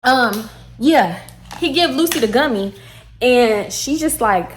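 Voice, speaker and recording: A young woman from telling a casual storytime, blunt and animated, and she swears freely. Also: a little high, slow, a little hiss or hum. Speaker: vlogger.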